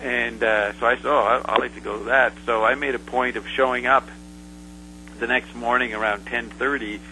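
Bright-voiced man telling a rambling story. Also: mid-range voice, fairly even intonation, a little hiss or hum, rough recording. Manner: rambling, halting, full of "uh" fillers and restarts. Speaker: interview guest. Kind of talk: casual storytelling.

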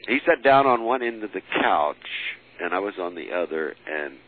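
A man telling a personal story as an interviewee, halting with many fillers and restarts and chuckling as he goes. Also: low voice, big pitch swings. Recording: lo-fi phone-like recording with faint hiss.

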